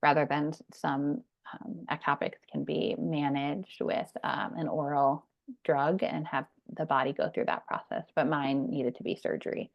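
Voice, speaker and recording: Woman in her thirties, low voice, gravelly, earnest storyteller, dull lo-fi sound. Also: little pitch movement, normal speed. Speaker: guest. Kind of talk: personal story in a podcast interview.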